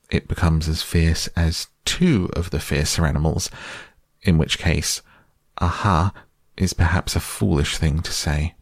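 A man's voice: low-pitched, a little mellow, no room sound, clean studio sound. A man voicing a very small, timid male piglet who talks nervously, in a storybook reading. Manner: nervous and fidgety.

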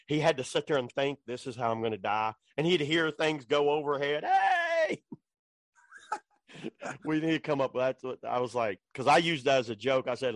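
A man's voice: mid-range voice, no room sound. Laid-back man telling river stories. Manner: laid-back, swears, laughs often; colloquial storyteller. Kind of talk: casual chat.

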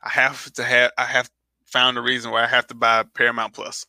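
Very bright-voiced, boisterous podcast host. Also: male voice, medium pitch, completely flat delivery, brisk, dry recording. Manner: boisterous, profane storyteller. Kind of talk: casual podcast banter.

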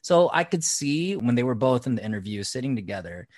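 Casting note: animated, playful male co-host in casual chat, dry close mic. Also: mid-range voice, fairly quick, no echo. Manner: animated, playful, drops into mock voices. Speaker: podcast co-host. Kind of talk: casual chat reviewing a reality show.

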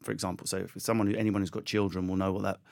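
A man's voice: deep voice, flat delivery, rapid-fire, creaky. A man with an Essex accent, a comedian guest riffing animatedly in casual chat.

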